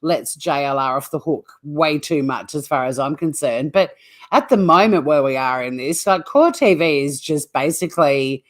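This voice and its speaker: A woman's voice: deep voice, expressive, moderate pace. A woman hosting a true crime channel, chatting casually and bluntly on a livestream, swearing freely and rambling as she reacts to live chat.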